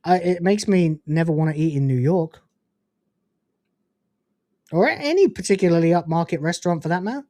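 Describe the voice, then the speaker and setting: A man's voice: on the high side, expressive, a little fast, pauses often, darkish tone, no echo, clean studio sound. A man hosting a casual livestream, ranting in a profane, incredulous way and reading out donations. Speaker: livestream host.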